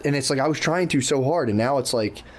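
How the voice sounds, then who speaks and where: A man's voice: mid-range voice, fast talker, slight background noise. A man co-hosting a podcast in loose casual chat, swearing freely, saying "dude" often and acting out his own thoughts. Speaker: podcast co-host.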